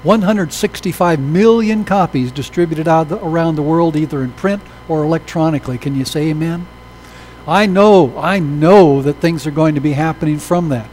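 A man preaching a sermon, telling stories with animated delivery and acting out the people in them. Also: fairly high pitch, normal speed, soft background music, low-quality recording. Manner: animated, acts out quoted voices in stories. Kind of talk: sermon storytelling.

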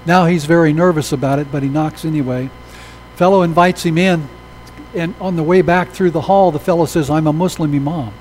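A man preaching a sermon, telling stories with animated delivery and acting out the people in them. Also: on the high side, fairly quick, a little hiss or hum, poor audio. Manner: animated, acts out quoted voices in stories. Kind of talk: sermon storytelling.

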